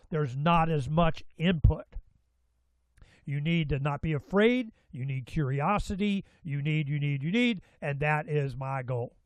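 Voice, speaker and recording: A man hosting a talk show, rambling in an excitable way with many restarts and asides. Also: a little high, no room sound, low-quality recording. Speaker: radio show host. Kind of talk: casual talk-show monologue.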